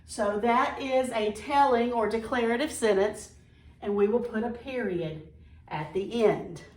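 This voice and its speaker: A woman teacher reading example sentences slowly and explaining grammar step by step in a patient, careful way. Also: fairly high pitch. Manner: slow, patient, reads sentences aloud carefully. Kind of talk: recorded classroom lesson. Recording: echoey room, far from mic.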